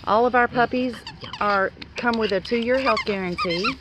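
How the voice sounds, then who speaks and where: A woman's voice: a little high, moderate pace, heavy background noise. A woman dog breeder showing her puppies outdoors, cooing baby talk to them and laughing often. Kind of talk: casual puppy showcase. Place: outdoors in a yard.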